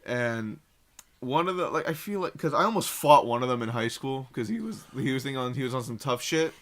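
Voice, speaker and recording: A man's voice: mid-range voice, fairly quick. A young man co-hosting a podcast, telling a work story in casual, profanity-laced slang. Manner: profane, animated retelling with slang. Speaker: podcast co-host.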